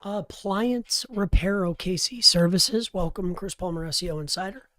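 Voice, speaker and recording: Hoarse man hosting a chatty live stream. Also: high voice, normal speed, dry recording. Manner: animated, chatty, laughs easily. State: hoarse, voice worn out. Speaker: host of a live coaching stream. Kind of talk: casual live-stream talk. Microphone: close-up microphone.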